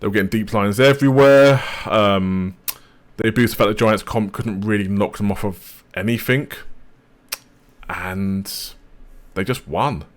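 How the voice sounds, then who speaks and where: Deep-voiced man telling relaxed esports stories. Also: measured pace. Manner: relaxed storytelling, many fillers, hedges. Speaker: podcast co-host. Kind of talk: casual esports analysis chat.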